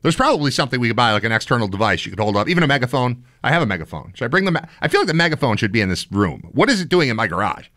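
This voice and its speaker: A man co-hosting a sports talk show, arguing his point in a jokey, animated way. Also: mid-range voice, racing, hardly any pauses, no echo, clean studio sound. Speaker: podcast co-host.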